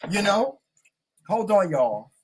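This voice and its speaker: A man from North Carolina, chatting casually on his vlog as host, repeating himself and sounding proud and excited. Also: high-pitched, slow pace, a little hiss or hum, low-quality recording.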